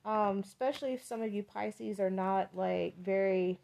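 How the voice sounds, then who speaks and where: A woman's voice: mid-range voice, moderate pace, vocal fry, mellow. Chatty, emphatic woman tarot reader. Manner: chatty, emphatic, loose and profane; repeats words for emphasis. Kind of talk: casual tarot reading podcast.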